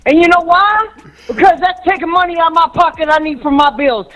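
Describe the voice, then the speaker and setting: A woman calling into a sports talk show, ranting in a fired-up way and shouting for emphasis. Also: very high voice, brisk, rough recording. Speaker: caller. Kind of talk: heated call-in rant.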